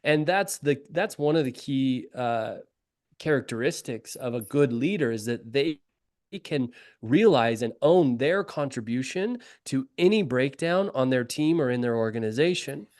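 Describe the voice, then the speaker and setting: A man co-hosting a leadership podcast, speaking thoughtfully with frequent pauses and fillers. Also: mid-range voice, lively intonation, a little mellow. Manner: thoughtful, measured, many fillers. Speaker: podcast co-host, leadership coach. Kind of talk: casual conversation.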